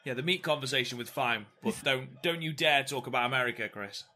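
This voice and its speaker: Excitable, bright-voiced man. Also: medium pitch. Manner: excitable, sweary, quick to laugh. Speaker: podcast co-host. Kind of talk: casual watchalong chat.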